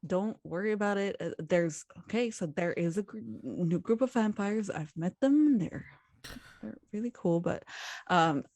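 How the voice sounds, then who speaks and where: A woman's voice: mid-range voice, unhurried, a little mellow, no echo. A woman playing a tabletop role-playing game, speaking hesitantly with many restarts. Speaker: player.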